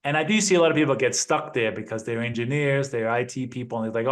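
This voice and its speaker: A man in his fifties, a guest in an interview, speaking in a measured way with frequent tag questions. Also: mid-range voice. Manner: measured, peppers speech with "right?" and "you know". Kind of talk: interview conversation.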